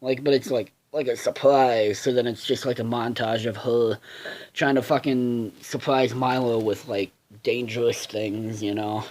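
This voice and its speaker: A man's voice: medium pitch, steady tone, a little slow, a little mellow. A man casually reviewing a cartoon episode, swearing a lot and rambling with many fillers and restarts.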